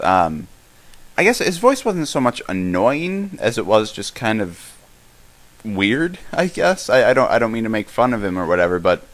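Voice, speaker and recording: A young man co-hosting a live-stream podcast, rambling through his thoughts with lots of halts and restarts. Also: on the low side. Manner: rambling, halting, many restarts. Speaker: podcast co-host. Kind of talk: casual live-stream Q&A chat.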